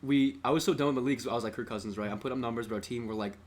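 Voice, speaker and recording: A young man co-hosting a laid-back sports podcast, talking quickly in a mid-range voice. He rambles through stories, swears freely and acts out the lines of people he quotes. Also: mid-range voice. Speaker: podcast co-host. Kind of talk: casual chat.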